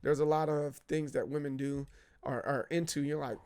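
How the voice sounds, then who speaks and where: A man co-hosting a podcast in casual chat, laid-back and halting, often repeating words. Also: a little high, little pitch movement, a little mellow, a little hiss or hum. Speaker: podcast co-host.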